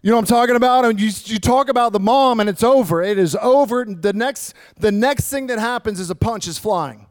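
A man preaching a sermon in church, telling a story in an animated, dramatic way. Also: very high voice, fairly quick, hardly any pauses. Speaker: pastor. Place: church stage with a band.

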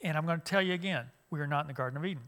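This middle-aged youth minister gives a conversational church lesson full of fillers and restarts. He talks rapid-fire in a slightly high voice with a fairly bright tone.

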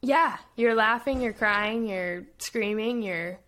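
A young woman co-hosting a casual book-review podcast, animated and laughing often as she retells favorite scenes. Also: on the high side, slow pace. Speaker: podcast co-host.

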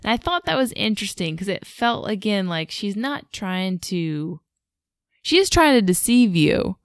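Chatty woman with a smooth voice. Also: mid-range voice, sing-song, a little slow, no echo, studio quality. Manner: chatty storyteller, laughs often, many fillers. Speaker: podcast co-host. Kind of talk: casual podcast chat.

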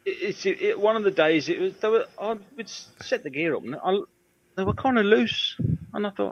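A man, a guitar tech guest, telling rambling road stories in casual chat and dropping into quick impressions. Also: sits high, expressive, no room sound, muffled recording.

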